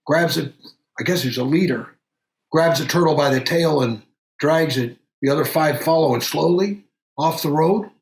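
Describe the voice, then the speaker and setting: An actor playing a middle-aged country doctor who tells a strange story in an unhurried, halting way, full of pauses and fillers. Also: male voice, fairly high pitch, gravelly, reverberant. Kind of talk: audio drama acting.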